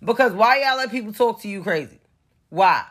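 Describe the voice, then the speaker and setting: A woman's voice: medium pitch, lively intonation, brisk, fairly bright tone. Blunt, profane woman venting opinions. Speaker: commentator. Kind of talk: casual pop-culture commentary.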